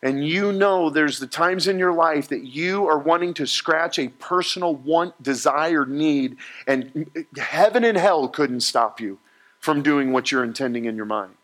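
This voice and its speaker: A man preaching a sermon to a live congregation, telling a story in an animated, joking way and jumping between quoted voices. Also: fairly high pitch, unhurried.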